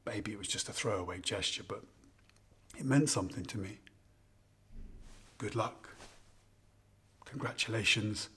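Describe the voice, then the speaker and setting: A man's voice: lowish voice, a little slow, pauses often, fairly bright tone, a little hiss or hum. An actor performing a scripted monologue as a husband who fondly and ruefully reminisces while toasting his wife on their anniversary. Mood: wistful. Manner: intimate, confiding, rambling reminiscence. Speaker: narrator of a spoken monologue.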